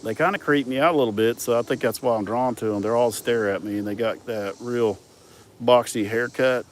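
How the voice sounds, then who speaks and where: A man from Arkansas with a Southern accent, telling rambling, profane stories in a casual vlog, his words running together. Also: medium pitch. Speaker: vlogger.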